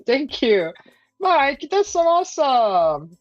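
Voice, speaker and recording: Woman streamer, slow and halting with lots of fillers, dry close sound, slightly dull lo-fi audio, faint music behind. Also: high voice, no echo. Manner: hesitant, many fillers, excited whoops when thanking viewers. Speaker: live stream host. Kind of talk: casual live stream chat.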